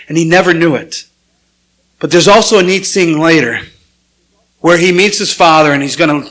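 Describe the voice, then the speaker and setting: A man with a fairly high voice delivers a sermon to his congregation in a church. He talks in a relaxed, conversational way while he tells a story. When he quotes other people, he voices their lines by raising his pitch. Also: poor audio. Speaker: pastor.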